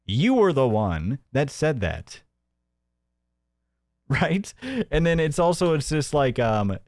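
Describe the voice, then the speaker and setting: A man hosting a live-stream commentary show, sarcastic and mocking, often laughing and jumping into a high mimicking voice. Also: very animated, slow pace, a little mellow, no echo, clean studio sound.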